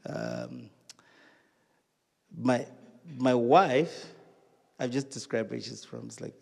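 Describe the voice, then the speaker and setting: Animated South African stand-up comedian. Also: male voice, mid-range voice, takes it slowly, creaky, slightly rough. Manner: animated, storytelling, exclamatory. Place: live venue stage. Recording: long hall reverb.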